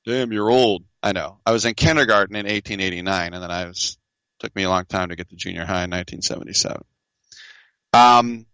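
Animated, jokey man with a bright voice. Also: lowish voice, clean tone, no room sound. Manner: animated, jokey, quick asides and mock dialogue. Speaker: video game show host. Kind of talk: casual chat about games.

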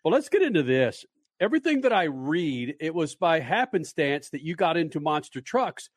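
Male radio host, slightly high voice, bone-dry studio mic, jokey and loose. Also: sing-song, moderate pace, dry recording. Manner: joking, loose. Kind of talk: casual radio interview. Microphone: studio microphone.

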